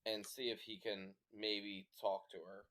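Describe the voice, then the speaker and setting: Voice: deep voice, level tone, measured pace, a bit bright. A player in a casual tabletop game who chats with many fillers and laughs a lot. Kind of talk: casual tabletop role-play.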